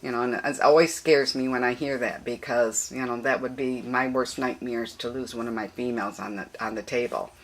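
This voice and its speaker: An older woman breeder chatting casually and rambling about her puppies, now and then cooing to them in high baby talk. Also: steady tone, fairly quick, few pauses. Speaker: dog breeder. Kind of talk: casual puppy update vlog.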